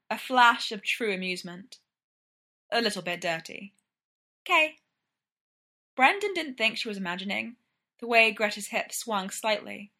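A woman reading fiction aloud in a measured, even storytelling manner. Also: mid-range voice. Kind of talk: audiobook fiction narration.

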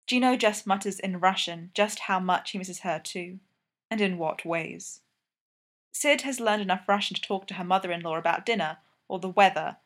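A woman narrating a fan story aloud in a steady, even way. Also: medium pitch. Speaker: fanfiction reader.

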